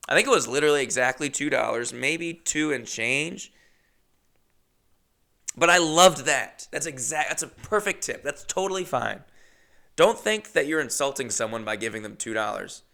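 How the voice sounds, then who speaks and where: A young man hosting his own show, telling comic stories in an animated, chatty, jokey way. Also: mid-range voice, normal speed, vocal fry. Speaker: comedian host. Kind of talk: comedic storytelling monologue.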